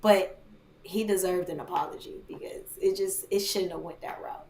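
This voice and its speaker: A woman on a casual podcast, speaking candidly and confessionally about her own past, at a middle pitch. Her voice rings in a roomy, echoing space. A faint hum of ambient noise sits under her. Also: fairly even intonation, normal speed, a little mellow.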